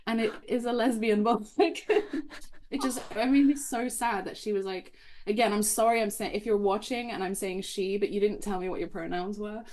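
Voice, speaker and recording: A woman author as a guest on a podcast, chatting casually and telling animated, rambling stories. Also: medium pitch, brisk. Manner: animated, tangential storyteller who swears casually.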